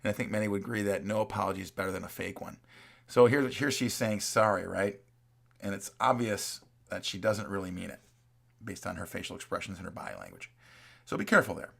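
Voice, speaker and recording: A man's voice: deep voice, a little fast, vocal fry, fairly bright tone. A man teaching a college class in a recorded lecture, talking in a conversational way, reading quoted examples aloud and often checking in with "right?".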